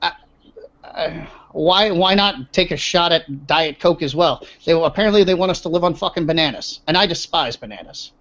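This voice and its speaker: A man's voice: fairly high pitch, moderate pace, fairly bright tone. A man hosting a casual podcast, blunt, opinionated and profane. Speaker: podcast host. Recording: dull lo-fi sound.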